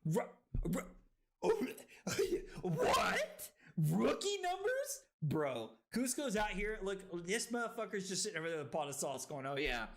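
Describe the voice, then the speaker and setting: A tipsy man streaming a card game, swearing, laughing and breaking into loud excited outbursts. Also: sits high, moderate pace. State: tipsy from drinking. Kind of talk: casual livestream commentary.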